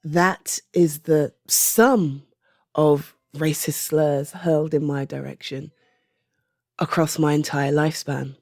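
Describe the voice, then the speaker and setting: Low, slow-spoken British woman in her thirties. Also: fairly even intonation, no room sound, studio quality. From Britain. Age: 30s. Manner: soft-spoken, halting, often trailing into a whisper. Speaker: audio creator. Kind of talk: personal opinion monologue.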